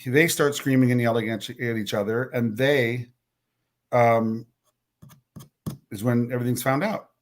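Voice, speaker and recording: A man's voice: mid-range voice, steady tone, unhurried, long pauses. A man telling a personal story as a podcast guest, bluntly and with some swearing. He trips over and repeats words, and he acts out what others said as quoted dialogue.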